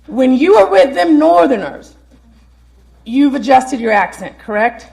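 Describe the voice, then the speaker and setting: Lively, high-voiced woman lecturing. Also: unhurried, gravelly. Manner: engaging, asks the audience questions. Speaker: keynote speaker. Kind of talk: academic lecture to students. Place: lecture hall.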